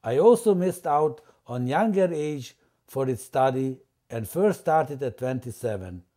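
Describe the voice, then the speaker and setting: A man for whom English is a seventh language reads a prepared open letter aloud. His wording is formal and stilted, and his delivery is deliberate. His voice is somewhat high for a man, with a lively, swinging pitch and a mellow, dark warmth. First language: not English; English is his seventh language. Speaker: language teacher presenting his method.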